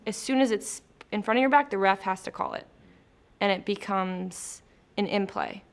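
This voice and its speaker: A woman's voice: mid-range voice, normal speed. A woman in a casual interview, chatty and laughing easily, explaining her post-production job between light questions. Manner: chatty, laughing, filler-heavy. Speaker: post-production traffic manager, interview guest. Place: company studio.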